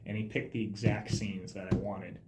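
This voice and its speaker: A young man, a film student, telling production stories in a casual podcast chat, animated and growing loud when excited. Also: fairly low pitch, normal speed, very noisy. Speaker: film student director, guest. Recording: roomy echo.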